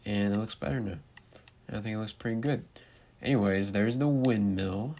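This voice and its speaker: A man's voice: lowish voice, normal speed, mellow. A young man giving rambling, chatty commentary while showing off a game build, playful and loose. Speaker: Minecraft builder. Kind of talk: casual gameplay commentary.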